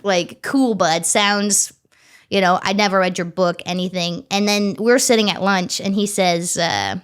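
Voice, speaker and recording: A woman's voice: medium pitch, measured pace, smooth. Chatty woman telling stories. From Ontario, Canada. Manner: animated, chatty, swears casually, acts out quoted dialogue. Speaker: farmer, interview guest. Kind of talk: casual storytelling interview.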